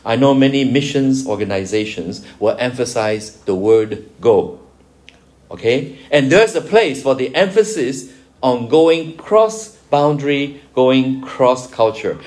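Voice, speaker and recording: A man's voice: medium pitch, animated, a little slow, a little mellow. A man preaching a sermon, explaining scripture with everyday examples and lifting his voice for emphasis. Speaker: pastor.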